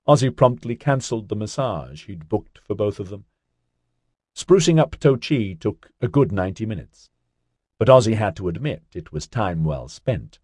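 Deep, husky man narrating a novel. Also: animated, moderate pace, darkish tone, no echo, studio quality. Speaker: audiobook narrator. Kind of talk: scripted narration.

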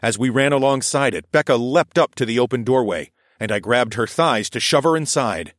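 A man reading a first-person adventure story aloud in a steady, even narrating manner. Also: medium pitch, normal speed, no echo, studio quality. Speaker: audiobook narrator.

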